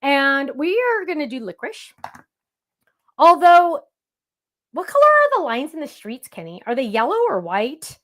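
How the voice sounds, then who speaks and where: Excitable woman hosting a crafting show. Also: high-pitched, a little slow, pauses often. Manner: excitable, chatty, exclaims and talks herself through each step. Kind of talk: casual crafting demonstration.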